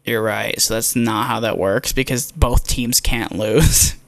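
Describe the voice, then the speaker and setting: A man's voice: medium pitch, steady tone, measured pace, creaky, fairly bright tone, no room sound. A young man co-hosting a casual sports podcast, rambling, laughing a lot and swearing freely. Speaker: podcast co-host.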